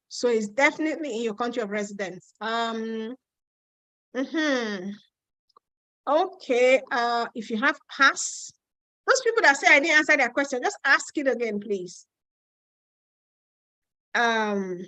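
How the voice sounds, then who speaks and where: A woman's voice: high voice, sharp tone, no echo, rough recording. A woman with a Nigerian accent hosting a casual live stream, reading out viewer questions and answering them frankly, with some teasing.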